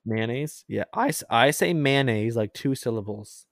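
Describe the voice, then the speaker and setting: A man's voice: medium pitch, animated, moderate pace, creaky, no echo. Brief: chatty male host, mid-range voice, rambling and laughing, dry close sound. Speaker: podcast host. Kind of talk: casual chat.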